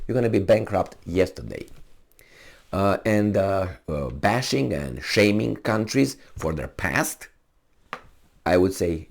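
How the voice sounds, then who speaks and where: A man's voice: deep voice, expressive, slow, creaky, pauses often, a little mellow. A man hosting his own channel, delivering an argumentative opinion monologue to camera and acting out imagined exchanges.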